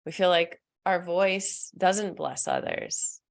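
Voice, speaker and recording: Young female spiritual coach, live-stream host; low register with vocal fry, soft, earnest, laughs easily. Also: wildly swooping pitch, slow pace. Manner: soft, earnest, laughs often, answers chat comments. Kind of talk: casual live-stream talk.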